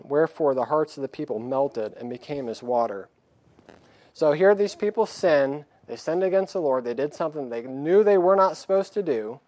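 A man's voice: a little high, a little mellow, dry recording. A man preaching a sermon in a plain-spoken way, reading scripture aloud and acting out the pleading voices of the people. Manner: reads scripture aloud in a raised voice.

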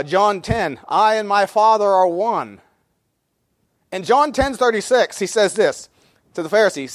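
Pastor, male, high voice, plain sermon delivery with fillers, dry close recording. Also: no room sound. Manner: reads scripture in old English then explains it in plain talk; frequent fillers and repeated words between verse references.

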